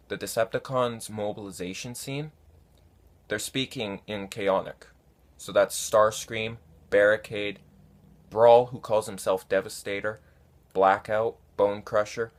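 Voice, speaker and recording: A man casually answering viewer comments, unhurried and halting, with many fillers. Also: fairly low pitch. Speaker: fan conlang vlogger answering comments. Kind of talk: casual talk to camera.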